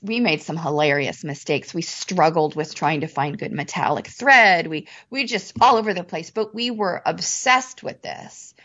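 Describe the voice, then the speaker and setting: Lively woman telling a story, muffled sound. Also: lowish voice. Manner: animated, acts out what people said. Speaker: interview guest. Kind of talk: casual storytelling.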